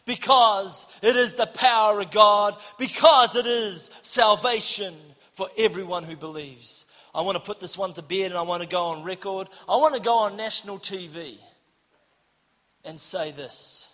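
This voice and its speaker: Male preacher, very high bright voice, animated storytelling, shouts for emphasis, long hall reverb. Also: normal speed. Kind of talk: sermon with storytelling.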